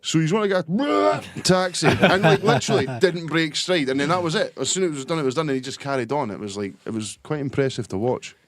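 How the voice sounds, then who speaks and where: A man's voice: mid-range voice, fast talker, hardly any pauses, dry recording. A young Scottish man co-hosting a podcast, chatting casually, laughing through his stories and using local slang. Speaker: podcast co-host. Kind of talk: casual chat.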